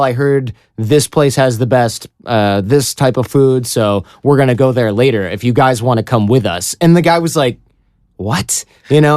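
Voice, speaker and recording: A man as a podcast guest, telling a story in a casual, animated way and acting out what others said. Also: mid-range voice, no room sound, clean studio sound. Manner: animated storyteller who acts out quoted voices.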